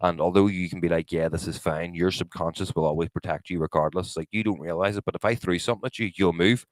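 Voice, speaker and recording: Co-hosting a podcast, a man tells a story in a casual chat, swearing a lot, acting out quotes and laughing often. His voice is deep and steady, his pace quick, and the low-quality recording has no room sound.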